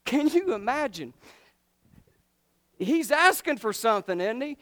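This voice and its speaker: A man preaching a sermon, telling the story with animated delivery and acting out the voices of biblical figures. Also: high voice, unhurried.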